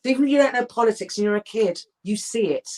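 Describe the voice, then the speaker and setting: Talking fast in a slightly high voice, a middle-aged actress gives a frank interview. She is animated and emphatic, frequently breaking off and starting over.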